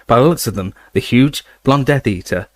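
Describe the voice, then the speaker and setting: A man reading a fantasy novel aloud as an audiobook narrator, expressive and raising his voice for the shouted moments. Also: medium pitch, normal speed, no room sound.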